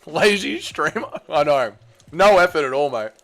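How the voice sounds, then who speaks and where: A young Australian man chatting on a livestream, trading jabs with his viewers and swearing freely. His voice sits a bit high for a man. He rambles between reading comments and firing back at them. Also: expressive, moderate pace. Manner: bantering and swearing, mock-patriotic ribbing. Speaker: streamer. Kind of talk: casual livestream chat, reading and answering viewers.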